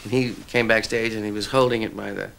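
A man's voice: fairly low pitch, steady tone, fast talker, creaky, a bit bright. A man in a documentary interview, recalling an anecdote about a friend with a chuckling, storytelling manner.

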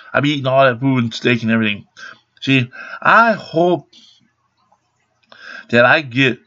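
Gravelly, aggrieved man in his fifties. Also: mid-range voice, bright, forceful tone. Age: 50s. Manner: swearing constantly, aggrieved and blunt. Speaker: vlogger. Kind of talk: angry rant to camera. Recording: dull lo-fi webcam sound.

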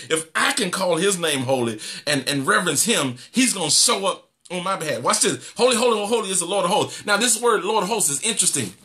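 A man pastor preaching an animated sermon, repeating phrases and laughing as he goes. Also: sits high, fairly quick.

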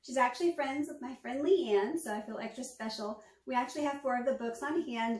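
A woman's voice: sits high, fairly quick, few pauses, darkish tone, echoey room, far from the mic. A woman, a former teacher, reading a picture book aloud to children with enthusiasm. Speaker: storytime reader, former teacher.

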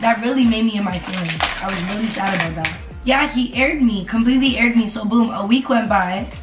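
A woman telling a casual storytime on camera, animated and profane, repeating herself for emphasis. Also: on the high side, fairly quick. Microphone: camera mic. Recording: roomy echo, faint music behind.

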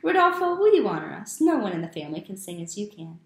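A woman's voice: medium pitch, very animated, fast, reverberant. A woman voicing a cheerful, playful uncle in a storybook, speaking in a jovial, coaxing way. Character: cheerful playful uncle, middle-aged man.

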